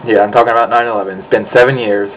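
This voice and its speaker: A man's voice: fairly low pitch, fairly even intonation, rapid-fire, lo-fi sound, a little hiss or hum. Young man ranting angrily, swearing often. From United States. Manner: angry, profane, sighing rant. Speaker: vlogger. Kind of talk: ranting monologue.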